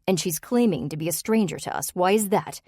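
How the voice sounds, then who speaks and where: A woman voicing a wary male office worker who asks blunt, probing questions, her voice low and dry. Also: brisk, darkish tone, breathy edge, no room sound. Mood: suspicious.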